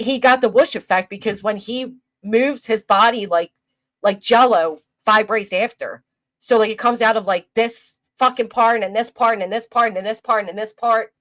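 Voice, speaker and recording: A woman's voice: mid-range voice, a bit bright. A woman doing rambling livestream commentary, crude and mocking in a vulgar rant, often restarting her sentences. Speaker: commentary streamer. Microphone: desk microphone.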